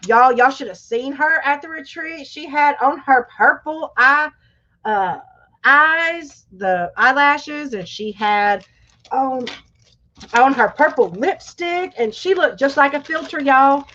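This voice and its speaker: A chatty woman hosts a live stream, her voice pitched high and her delivery slow and unhurried. She has a scratchy, irritated throat, and the sound is a little dull and muffled. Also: lively intonation, bright, forceful tone. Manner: chatty, talks straight to viewers. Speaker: livestream host; schoolteacher. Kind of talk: casual live chat.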